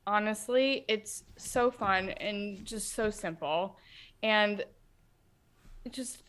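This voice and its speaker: A young woman talking in a loose, blunt way, piling on fillers as she rants. Her voice sits at a middle pitch and she talks like a guest in a casual podcast chat. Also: extremely slow, a bit bright. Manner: ranting, blunt, full of fillers.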